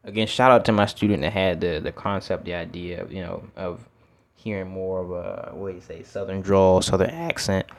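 His voice sits low, with fairly even intonation and a moderate pace. He's a teacher talking through his thoughts casually and reflectively outdoors, feet in the water, repeating words and swearing occasionally.

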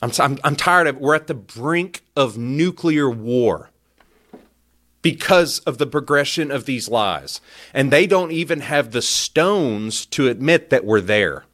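A man's voice: mid-range voice, lively intonation, a little slow, a bit bright. A man hosting a podcast who rants heatedly and stammers and repeats himself as he gets worked up. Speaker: podcast host. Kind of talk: opinion rant.

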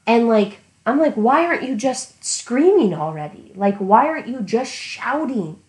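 Animated ranting woman in an echoey room. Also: fairly high pitch, unhurried. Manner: animated ranting, acting out her younger self. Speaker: podcast co-host. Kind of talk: casual book discussion.

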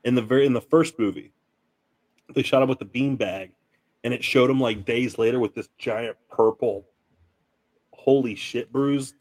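A man co-hosting a podcast in casual chat, jumping in with quick jokes and references. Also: medium pitch, a little mellow, no room sound. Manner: quick, joking. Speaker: podcast co-host.

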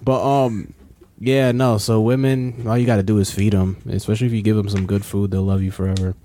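A man's voice: on the low side, flat delivery, brisk, mellow, slight background noise. A man co-hosting a podcast in casual chat, slangy and profane, laughing often as he talks. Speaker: podcast co-host.

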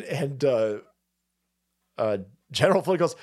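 A man's voice: fairly low pitch, animated, slow, long pauses, darkish tone. A middle-aged man hosting a livestream, rambling in casual, profane, self-mocking chat. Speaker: livestream host.

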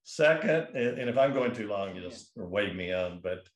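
A man's voice: lowish voice, lively intonation, moderate pace, echoey room. A man telling a long personal story in a casual, rambling way, full of restarts and fillers. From California. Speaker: guest.

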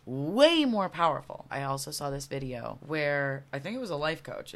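A young woman hosting a podcast, telling stories in a chatty, profane way, laughing often and acting out what people said. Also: a bass voice. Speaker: podcast host. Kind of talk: casual storytelling monologue.

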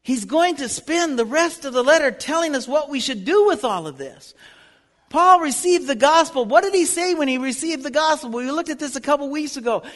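A man's voice: extremely high pitch, animated, fairly quick, a bit bright. A man teaching a Bible lesson in sermon style, earnest and building to fervent appeals. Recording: long reverb of a hall.

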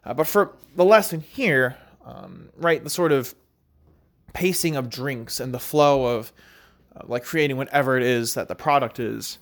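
A man's voice: mid-range voice, expressive, a little slow, creaky. A man working as a barista, talking in a casual, rambling and digressive monologue.

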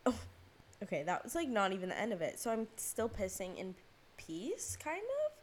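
A woman's voice: mid-range voice, sing-song, normal speed, a little hiss or hum. A teenage girl hosting a podcast, telling a rambling story with lots of fillers and swearing. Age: teens. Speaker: podcast host. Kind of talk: casual storytelling monologue.

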